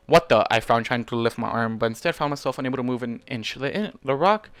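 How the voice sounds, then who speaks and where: Quick man reading fanfic aloud. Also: mid-range voice, fairly bright tone, clear, resonant tone, no echo. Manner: first-person narration with stumbles and self-corrections. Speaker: fanfiction reader.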